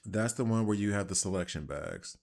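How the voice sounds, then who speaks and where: A man with a deep, low voice and a Southern accent talks his way through a video game. His commentary is loose and rambling, and he keeps laughing at his own odd tangents. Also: fairly quick, darkish tone. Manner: rambling, self-deprecating, chatty. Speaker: gaming channel host. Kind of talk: casual gameplay commentary.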